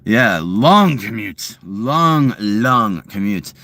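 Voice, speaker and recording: A man's voice: fairly low pitch, very animated, drawn-out words, pushed and bright, no room sound. Crude, rambling guy. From Massachusetts. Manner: crude, rambling, laughing, swearing. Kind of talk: casual chat to viewers.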